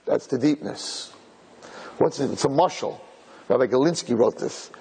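Man, rabbi, storytelling Torah lecture, husky, slightly high, hall reverb, animated and repetitive. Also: normal speed. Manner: animated storyteller, repeats words, rises to shouts at the climax. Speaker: rabbi giving a Torah class.

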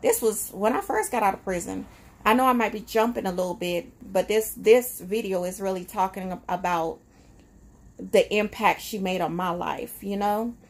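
Vlogger, woman, gravelly texture, emotional and reflective, casual and conversational delivery. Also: mid-range voice, normal speed. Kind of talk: casual personal vlog.

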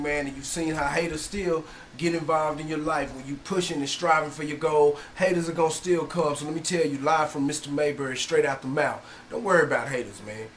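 A man's voice: a little high, fairly bright tone, a little hiss or hum. A man from Texas, a rapper and filmmaker, closing a film with a motivational talk to viewers, slangy and earnest, repeating phrases for emphasis. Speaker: rapper and filmmaker giving an outro.

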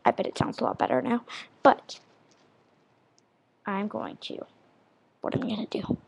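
A woman's voice: medium pitch, sing-song, moderate pace, creaky, breathy edge, no echo. A young woman in her teens, casually vlogging, rambling and self-deprecating as she practices counting and saying words. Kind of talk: casual vlog chat.

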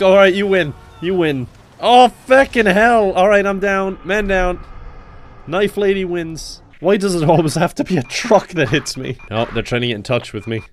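Guy in his 20s doing funny game commentary, kinda high voice, flips from dry jokes to panicky yelling. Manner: excitable, jumps into high yelps. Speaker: gaming YouTuber. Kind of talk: comedic gameplay commentary.

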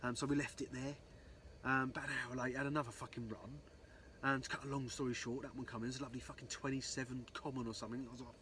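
Man, mid pitch, casual rambling storyteller, swears a lot, heavy fillers, faint background noise. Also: steady tone, fast talker, pushed and bright. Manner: rambling, swears constantly, many "um, so anyway" fillers. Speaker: angler vlogger.

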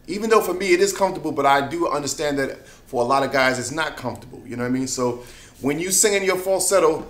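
A man's voice: fairly high pitch, animated, fast talker, fairly bright tone. A man giving a casual singing lesson, chatting with easy laughs and often asking "you know what I mean?". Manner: laughs between points. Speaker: singing teacher. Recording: echoey room.

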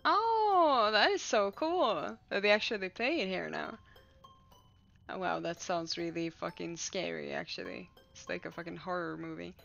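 A woman's voice: fairly low pitch, expressive, moderate pace, vocal fry, a bit bright, highs cut off. A woman streamer chatting casually over gameplay, swearing and laughing often. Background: faint game music.

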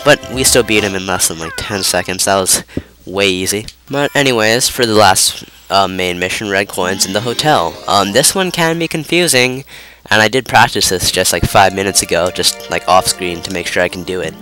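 A man's voice: low voice, lively intonation, normal speed, hardly any pauses, sharp tone. A young man with a stuffy, congested voice giving rambling, casual commentary while playing a video game. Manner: rambling, self-interrupting, lots of fillers. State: stuffy, nasal from a cold. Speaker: let's play commentator. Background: game music.

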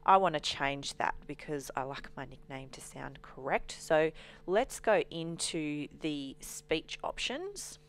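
A woman walking through a software demonstration as a trainer, explaining steadily with frequent ums. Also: sits low, lively intonation, slow.

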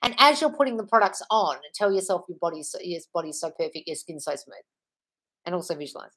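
A young woman hosts a live-stream Q&A, reading out comments and answering with blunt, swear-laden advice. Her voice sits on the low side, and she rattles through her answers at a brisk clip, tossing out "darling" as she goes. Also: fairly bright tone, low-quality recording. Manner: blunt, swears freely, calls viewers darling. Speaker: livestream host.

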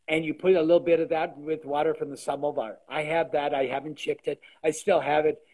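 A man in his sixties, a guest artisan, chatting on a video call and telling lively stories with trailing restarts. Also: fairly high pitch, a little fast, husky, rough recording. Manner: animated storyteller, trailing restarts. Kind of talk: casual interview chat.

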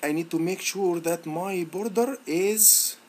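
A male instructor walking students through a software lab on screen, halting and encouraging, with many fillers and restarts. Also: high-pitched. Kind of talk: screen-recorded software tutorial.

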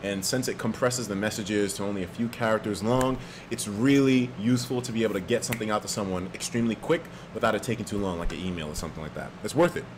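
A man chatting casually on a live stream, profane and animated, reading out viewer donations with sudden loud jumps in pitch. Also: quick pace, noisy background. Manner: reads viewer donations aloud.

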